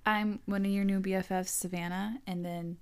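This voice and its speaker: A young woman in her twenties co-hosting a podcast from a living room, chatting casually and telling quick, giggly stories. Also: mid-range voice, flat delivery, darkish tone, slight background noise. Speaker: podcast co-host. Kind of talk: casual chat.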